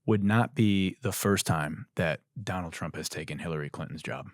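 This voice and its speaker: A man's voice: sits low, normal speed, no room sound, studio quality. A man hosting a comedy podcast, delivering a mocking satirical monologue. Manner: ranting, mocking, shouts and laughs.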